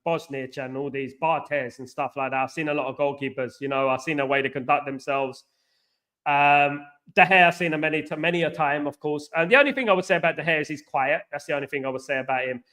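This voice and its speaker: High-voiced chatty London man. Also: brisk, sharp tone. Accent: London English. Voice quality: chatty, rambling, keeps saying "you know what I mean". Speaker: host. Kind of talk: casual livestream chat.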